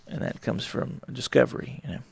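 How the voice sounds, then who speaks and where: A man's voice: mid-range voice, steady tone, a little fast, gravelly, husky. A man hosting his own podcast, talking casually and rambling, sometimes acting out small dialogues. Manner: rambling, conversational, acts out little dialogues. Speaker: podcast host. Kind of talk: casual solo talk on relationships.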